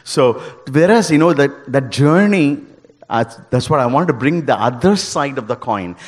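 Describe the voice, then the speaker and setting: A man giving a devotional talk to a gathering, speaking earnestly in halting phrases with frequent restarts. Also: mid-range voice, lively intonation, long reverb tail. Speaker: devotional speaker leading group singing.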